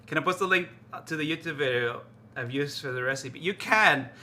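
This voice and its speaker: A man chatting casually to his stream while cooking in his kitchen, excitable and rambling, often repeating himself. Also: a little high, brisk, a little hiss or hum. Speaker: live streamer. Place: home kitchen.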